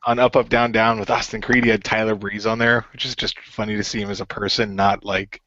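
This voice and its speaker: A man's voice: fairly low pitch, level tone, fairly quick, bright, forceful tone, no echo. A man co-hosting a casual podcast chat, rambling through a story with frequent laughs. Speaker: podcast co-host. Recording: dull, dry lo-fi audio.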